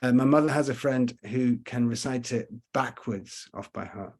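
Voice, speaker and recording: A man's voice: medium pitch, darkish tone. Chatty man giving a virtual tour. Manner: chatty, rambling, frequent pauses to think. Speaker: tour guide. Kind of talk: virtual tour talk over slides.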